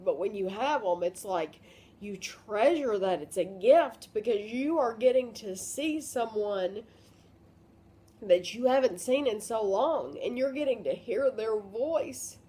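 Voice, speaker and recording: A woman in her fifties, crying as she talks in a personal vlog. She speaks haltingly, with many pauses and fillers. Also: mid-range voice, warm tone. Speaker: vlogger.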